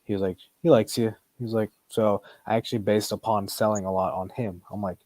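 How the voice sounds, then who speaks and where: A man's voice: lowish voice, flat delivery, brisk, mellow, no room sound. A man hosting a podcast, chatting in a loose, rambling way with lots of fillers and restarts. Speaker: podcast host. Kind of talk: casual podcast chat.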